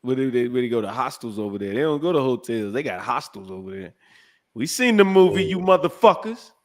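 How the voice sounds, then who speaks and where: A man co-hosting a podcast, talking in an animated, teasing way and laughing often. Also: mid-range voice, fairly quick. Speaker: podcast co-host. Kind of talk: casual chat.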